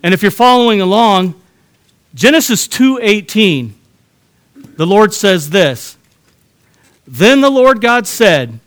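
A man's voice: high voice, sing-song, slow pace, pauses often, a bit bright. A middle-aged man preaching a sermon, telling a story with humor and talking straight to his congregation. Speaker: pastor.

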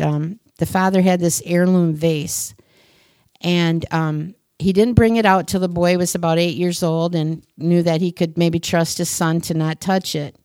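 A woman's voice: lowish voice, a little mellow, clean tone, no room sound, studio quality. A woman preacher giving a sermon, earnest, repeating phrases for emphasis and telling stories.

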